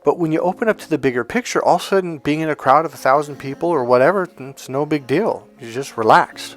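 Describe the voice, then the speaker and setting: A middle-aged NLP trainer with a slightly high voice talks fast as he gives a casual motivational talk. He tells stories, acting out snippets of dialogue and throwing in animated asides.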